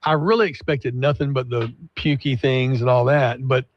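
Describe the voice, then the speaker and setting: A man's voice: mid-range voice, fairly even intonation, moderate pace. A man co-hosting a talk radio show, chatting casually and telling stories with laughs and acted-out voices. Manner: storytelling, laughs often, acts out quoted people. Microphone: studio microphone. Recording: slightly dull, dry studio broadcast audio.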